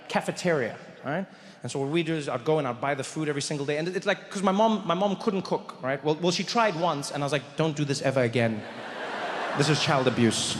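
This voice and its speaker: A man telling an animated stand-up story on a theater stage. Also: on the high side. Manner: animated, acts out the voices of others. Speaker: stand-up comedian. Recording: echoey live theater hall.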